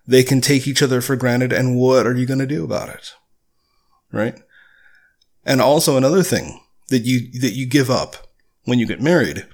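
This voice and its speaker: Blunt, candid man podcasting solo. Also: mid-range voice. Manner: candid, blunt, casual profanity. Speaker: podcast host.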